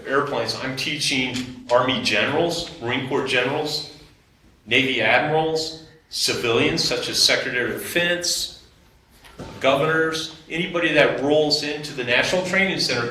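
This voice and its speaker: A middle-aged man, a former Air Force officer, casually telling students about his career and acting out conversations as he goes. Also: mid-range voice. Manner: conversational, animated retelling of dialogue. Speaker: retired Air Force officer, JROTC instructor. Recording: echoey room, faint noise.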